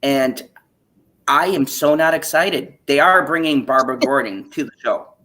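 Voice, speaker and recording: A woman's voice: very deep voice, normal speed, a bit bright. A woman hosting a casual stream, ranting in a profane, exasperated way with frequent laughter. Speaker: streamer hosting an open chat.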